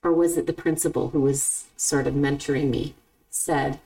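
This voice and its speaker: A middle-aged woman hosting a podcast in casual chat, animated and laughing often. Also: low-pitched, moderate pace, far from the mic, poor audio. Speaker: podcast host and author.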